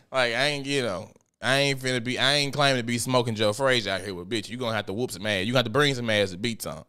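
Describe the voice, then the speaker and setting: Talking fast in a smooth, pushed, bright mid-range voice, this man hosts a casual solo podcast. His rant is crude, blunt and jokey, with a mock-preachy tone whenever he speaks to God.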